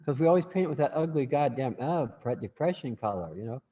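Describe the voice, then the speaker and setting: A man's voice: mid-range voice, lively intonation, fast, dark tone, breathy edge, big-room sound, highs cut off. A man teaching a class in a casual, rambling way, full of restarts and asides.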